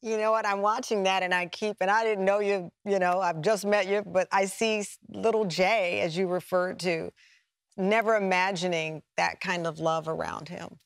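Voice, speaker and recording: A woman's voice: mid-range voice, fairly even intonation, moderate pace, no echo. Effusive woman talk-show host, dry and close.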